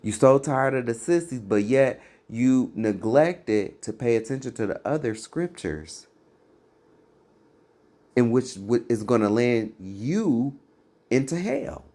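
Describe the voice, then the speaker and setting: A man's voice: medium pitch, animated, slow, warm tone. A man giving fiery, blunt commentary on preachers, scornful and mocking. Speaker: religious commentator.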